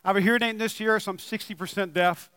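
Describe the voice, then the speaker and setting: A young man preaching a sermon in a church, wearing a microphone, swinging between loud emphatic peaks and relaxed chatty storytelling. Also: high-pitched, rapid-fire, clear, resonant tone, no echo, long reverb tail. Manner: excitable, rising to loud emphatic bursts then easing into chatty storytelling. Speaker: pastor. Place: church building.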